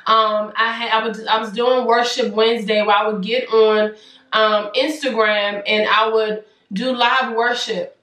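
A woman's voice: on the high side, fairly bright tone, recorded from a distance. A young woman earnestly sharing a personal faith testimony as a vlogger, building her points through preacherly repetition. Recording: roomy sound, away from the mic.

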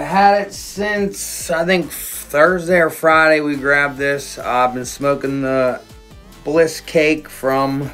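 A man casually chatting and reviewing his cannabis gear in a vlog, excitable and swearing constantly in slangy talk. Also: a little high. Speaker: cannabis vlogger. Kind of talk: casual profane vlog chat.

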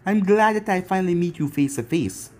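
A man's voice: high-pitched, a little fast, darkish tone, pitched above the performer's own voice, lightly acted. Man doing a pompous giant demon overlord. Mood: lordly. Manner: pompous, lordly. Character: enormous demonic male overlord, proud and grand.

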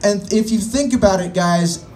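A man's voice: sits high, normal speed, darkish tone. A man in his late twenties doing a crude, self-mocking stand-up set on a bar stage, talking straight to the crowd. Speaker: stand-up comedian. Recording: distant mic with faint room noise.

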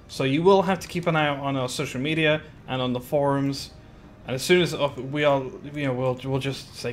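A man's voice: mid-range voice, brisk, slight background noise. Chatty man streaming a building game. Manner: chatty, greets viewers by name, giggly asides. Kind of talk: casual live-stream chat while building.

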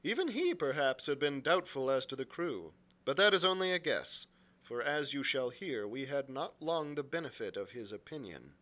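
A man reading a classic adventure novel aloud, expressive, with occasional slips he corrects. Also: medium pitch, normal speed. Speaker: library reader.

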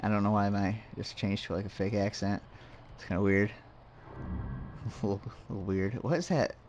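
Low-voiced man rambling over a game. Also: level tone, normal speed, a little mellow, slight background noise. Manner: rambling, muttering to himself, joking. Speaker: let's play host. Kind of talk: casual gameplay commentary.

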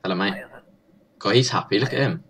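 A young man commentates a game, brash and crude, heckling the people on screen. His voice is bright and forceful, with faint keyboard typing and mouse clicks behind him. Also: fairly low pitch, a little fast, slight background noise. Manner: brash, crude and mocking, talks to the game characters. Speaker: gaming channel host. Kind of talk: let's play commentary.

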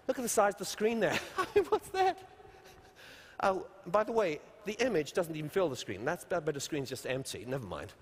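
A man giving a humorous, animated conference keynote, talking straight to a large audience. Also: a little high, fast talker, hardly any pauses, husky. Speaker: keynote speaker. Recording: long hall reverb from stage mic.

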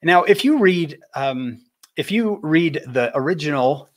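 A man from Utah giving a faith talk as a public speaker, telling stories with animation and slowing down for emphasis. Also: on the high side. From Utah, USA. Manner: animated storyteller, slows for emphasis.

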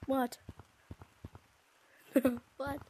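A woman's voice: extremely slow, a little mellow. A woman playing a game and narrating her own moves in a playful, sing-song way. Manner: playful, sing-song, breaks into shrieks and giggles.

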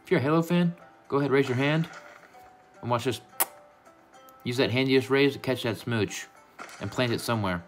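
An American gaming YouTuber records a casual vlog from his room, goofy, rambling and playfully affectionate. His voice is medium-pitched at normal speed, with long pauses and soft music in the background.

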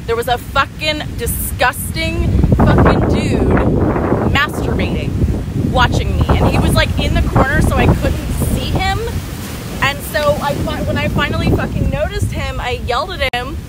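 A woman vlogging outdoors on a beach, talking heatedly and profanely into a handheld phone camera. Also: high voice. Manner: heated, profane, fast ranting. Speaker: travel vlogger. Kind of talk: angry vlog to camera. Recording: loud outdoor background noise.

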